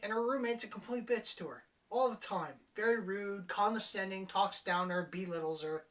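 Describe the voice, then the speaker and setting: A woman's voice: medium pitch, a bit bright, far from the mic, low-quality recording. A woman giving a casual spoken movie review in a blunt, crude and sarcastic way. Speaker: film reviewer.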